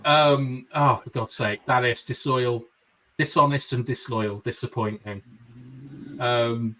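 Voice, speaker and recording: A man's voice: mid-range voice, fairly even intonation, takes it slowly, sharp tone, distant mic, a little hiss or hum, low-quality recording. A man hosting a casual live football fan show, reading out viewer comments with jokey asides. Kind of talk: casual live-stream chat.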